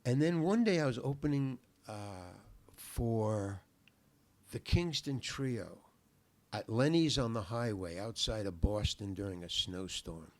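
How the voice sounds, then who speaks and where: A man's voice: lowish voice, animated, a little slow. Older man rambling through an anecdote. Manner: rambling, repeats words while thinking; laid-back, salty language. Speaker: guest. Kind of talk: casual anecdote telling.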